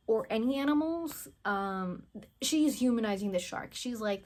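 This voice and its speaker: A woman's voice: a little high, lively intonation, normal speed, darkish tone. A woman casually recapping a film plot, rambling and chatty with lots of "like" and blunt, mocking asides. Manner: rambling, chatty, heavy use of "like", acts out characters' lines. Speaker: movie reviewer.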